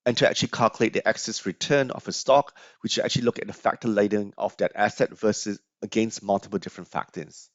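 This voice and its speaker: A man's voice: fairly low pitch, no room sound. A man lecturing on finance over slides, explaining step by step with frequent fillers and restarts. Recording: dry, slightly dull lo-fi audio.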